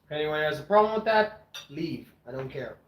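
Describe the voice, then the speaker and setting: A man's voice: on the high side, expressive, fairly quick, a little hiss or hum. Blunt man ranting in an echoey room. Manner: blunt, opinionated, throat-clearing. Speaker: streamer eating on camera and answering chat. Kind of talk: casual rambling chat and rant. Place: home with his dogs.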